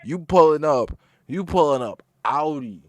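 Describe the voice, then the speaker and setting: A man's voice: fairly high pitch, expressive, a little slow, no echo. A young man streaming himself as he reacts to a video, talking in loose slang and often laughing. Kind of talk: casual reaction chat.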